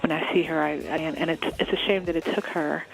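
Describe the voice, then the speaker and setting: A woman's voice: low-pitched, steady tone, brisk, gravelly, low-quality recording. A woman hosting a radio interview, talking in a chatty, candid way with frequent restarts. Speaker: radio host.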